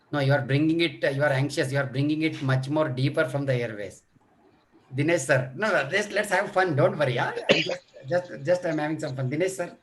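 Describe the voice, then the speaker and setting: A man's voice: on the high side, brisk. A middle-aged man lecturing on children's coughs in an online medical workshop, demonstrating coughs and talking with many fillers. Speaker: pediatric lecturer.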